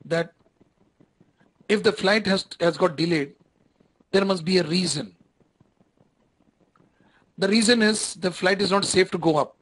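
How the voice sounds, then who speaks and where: A man's voice: sits high, fairly bright tone, slightly rough, rough recording. A man with an Indian English accent giving an online lecture, talking conversationally, repeating phrases and checking whether students follow.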